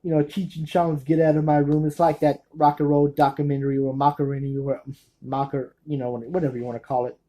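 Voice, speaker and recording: A man's voice: a little high, level tone, fairly quick, warm tone, low-quality recording. A man casually reviewing his movie collection to camera, rambling, losing track of names and starting over.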